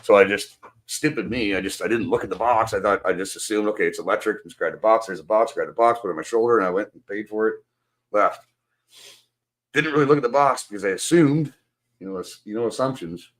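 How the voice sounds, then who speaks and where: A man's voice: on the low side, fast talker. A man hosting a stream, venting in casual, profanity-laced chat on a video call. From Canada. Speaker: stream host. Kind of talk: casual rant to a guest.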